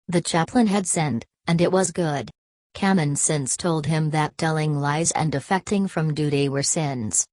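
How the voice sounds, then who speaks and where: A woman narrating a novel as an audiobook in an even storytelling read. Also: low voice, unhurried, no echo. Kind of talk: scripted narration.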